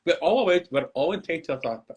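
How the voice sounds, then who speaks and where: A man chatting casually on a podcast, animated and swearing freely as he tells stories. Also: a little high, fast talker, breathy edge, dull audio. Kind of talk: casual chat.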